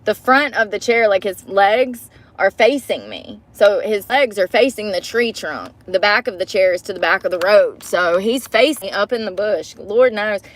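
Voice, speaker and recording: A woman's voice: medium pitch, lively intonation, normal speed, few pauses. A woman vlogging to a phone camera from inside her parked car, chatty and profane, breaking into laughter often. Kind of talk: casual chat to camera.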